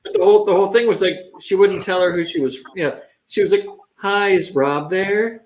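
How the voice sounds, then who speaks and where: A man's voice: sits high, fast, a little mellow. A man co-hosting a podcast, rambling through a casual anecdote with restarts, recorded with roomy echo and faint hiss. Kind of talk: casual chat.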